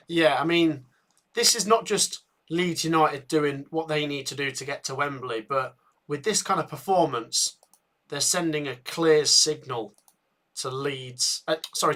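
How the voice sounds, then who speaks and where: A man hosting a live football watchalong, chatting with viewers and getting excited at chances, a bit tired. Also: on the high side. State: tired, yawning. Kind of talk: live match commentary and chat.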